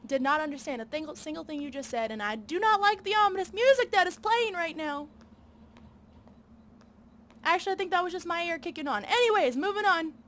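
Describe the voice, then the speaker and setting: A young adult woman making joking, excitable asides as she plays a game. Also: extremely high pitch, brisk. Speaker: gaming video host. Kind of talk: let's play commentary.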